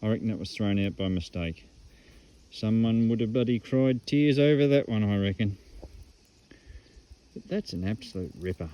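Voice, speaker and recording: An Australian man excitedly showing off metal detecting finds at an old rubbish dump, in a casual outdoor vlog full of slang. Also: fairly low pitch, normal speed, pauses often, highs cut off, slight background noise.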